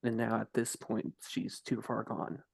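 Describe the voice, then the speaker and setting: A man with a gravelly, dry voice speaking slowly and flatly in character during a tabletop game. He stops and restarts often as he thinks through what to say. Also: on the low side, no room sound. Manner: hesitant, halting. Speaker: player.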